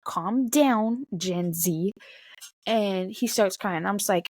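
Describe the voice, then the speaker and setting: A young woman and mother talking bluntly to camera in a casual vlog, swearing often and getting animated. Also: mid-range voice, slow pace, dry recording. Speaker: mother of a toddler.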